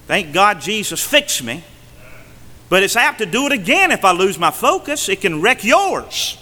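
A male pastor preaching a sermon from the pulpit, swinging between emphatic and hushed delivery. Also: high-pitched, big pitch swings, moderate pace, in a large hall. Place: church sanctuary.

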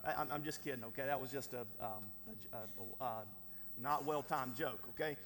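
A man's voice: medium pitch, steady tone, normal speed, fairly bright tone. A man preaching a sermon as pastor, conversational and folksy, with frequent "right?" asides and chuckles. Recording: long hall reverb.

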